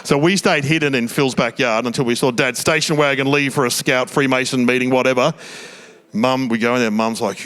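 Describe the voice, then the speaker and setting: Performing stand-up for a live crowd in a small theatre, this middle-aged Australian speaks at a medium pitch, his tone steady and a little bright. His stories are chatty and poke fun at himself, peppered with quick asides in different voices.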